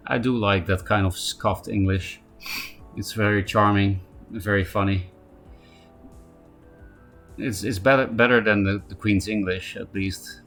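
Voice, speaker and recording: Guy streaming, kinda low voice, rambly, um uh a lot, quiet music in the back. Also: fairly even intonation, a little slow, long pauses. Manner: rambling, thinking aloud with fillers. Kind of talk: casual live-stream commentary.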